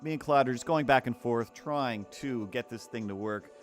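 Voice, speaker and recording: Man streaming while he draws, mid-pitched and chatty, rambling and joking about himself, light music underneath. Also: moderate pace. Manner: rambling and self-deprecating, full of fillers and restarts. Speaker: cartoonist streaming live. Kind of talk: casual rambling chat while drawing.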